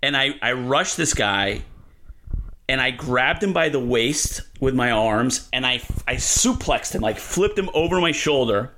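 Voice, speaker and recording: A comedian guest on a podcast telling a story in an animated, profane way, full of fillers. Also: male voice, mid-range voice, a little slow, a little hiss or hum.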